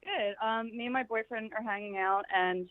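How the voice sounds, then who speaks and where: A woman calls in to a radio show in an upbeat, chatty way. Her voice is high and comes through a thin, phone-like line, dry and close. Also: normal speed, no room sound. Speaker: caller.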